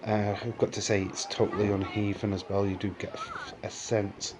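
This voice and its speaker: A man's voice: lowish voice, level tone, moderate pace, noisy background. A man casually narrating a walking tour, rambling with fillers and restarts, chuckling often, recorded on a handheld camera mic. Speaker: vlogger touring a film studio. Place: outdoor and indoor studio tour sets.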